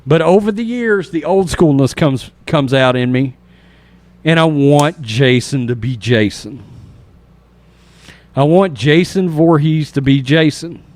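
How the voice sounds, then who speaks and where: A man hosting a casual horror movie review podcast, retelling scenes with animated energy and acting out sound effects and reactions. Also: on the high side, unhurried. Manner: animated storyteller, imitates sounds and acts out reactions. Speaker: podcast host.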